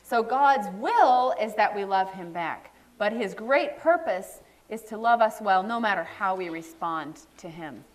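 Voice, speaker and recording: A woman's voice: mid-range voice, animated, unhurried, few pauses. A middle-aged woman preaching a sermon, telling stories and acting out the voices of the people she quotes.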